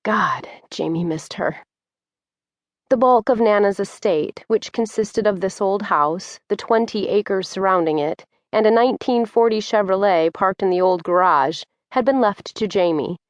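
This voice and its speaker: A woman's voice: mid-range voice, no echo. Woman narrating a romance audiobook. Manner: measured, descriptive storytelling. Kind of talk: scripted narration.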